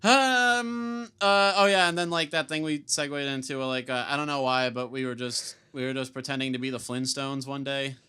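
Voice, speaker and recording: A man co-hosting a podcast in casual chat, joking and swearing with quick asides. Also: medium pitch, fairly even intonation, sharp tone, clean tone. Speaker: podcast co-host.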